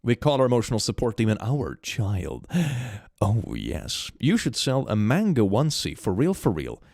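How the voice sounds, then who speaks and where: A man's voice: on the low side, huge pitch swings, moderate pace, gravelly, a little mellow, no room sound, clean studio sound. A young man streaming live, chatting casually and reading viewer messages aloud, laughing often, with a slight cold. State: slight cold, stuffy nose.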